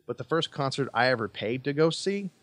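A man in his forties, a podcast co-host, telling a story in a halting, self-correcting way. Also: medium pitch, lively intonation, fairly bright tone. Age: 40s. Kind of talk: casual chat.

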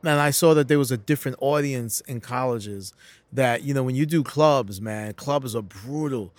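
A middle-aged comedian from New York City tells stories as a guest in a relaxed interview, acting out quotes and often restarting. His voice is mid-range, his pace moderate, and the recording dry.

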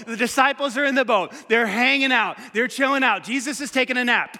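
A man preaching a sermon as pastor in a church, casual and conversational, swinging from loud urging to hushed, quiet asides. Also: very high-pitched, a little fast. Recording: long hall reverb.

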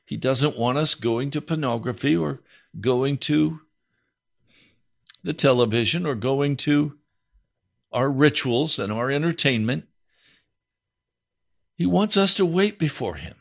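A man preaching a sermon as a pastor, voice rising into high, pleading questions. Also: a little slow, creaky, long pauses.

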